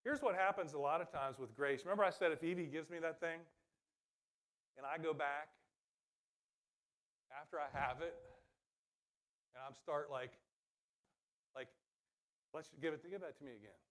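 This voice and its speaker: A man's voice: a little high, normal speed, pauses often, a bit bright. A man preaching a sermon in a conversational way that builds to emphatic calls. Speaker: pastor.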